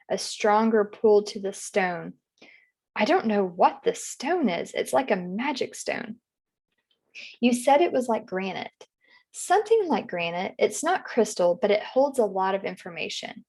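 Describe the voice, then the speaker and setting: Woman hypnosis guide, soft unhurried relaying, mid-pitched voice. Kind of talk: relaying a regression session.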